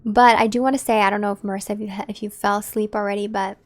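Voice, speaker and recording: A woman's voice: medium pitch, little pitch movement, racing. A woman live-streaming a game, chatting casually and directly with her viewers. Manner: chatty, talks straight to her chat.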